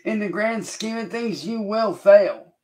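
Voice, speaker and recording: Slow, deliberate man lecturing a critic. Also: high-pitched, lively intonation, darkish tone, a little hiss or hum. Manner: confrontational, defiant. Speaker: livestreamer. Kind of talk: livestream rant addressed to a critic.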